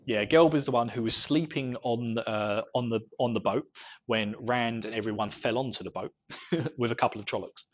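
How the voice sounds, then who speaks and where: A man talks through a book chapter in easygoing podcast chat, chuckling between thoughts. His voice sits at an ordinary middle pitch. The recording is muffled and lo-fi. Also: moderate pace, fairly bright tone. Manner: chuckles often while recapping. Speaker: podcast co-host. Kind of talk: casual book discussion chat. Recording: dull lo-fi podcast audio.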